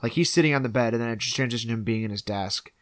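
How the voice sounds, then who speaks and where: A man's voice: mid-range voice, very fast, dry recording. A man casually recapping a movie on a podcast, acting out the characters' lines as he retells the scenes. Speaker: podcast co-host. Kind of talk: casual film recap chat.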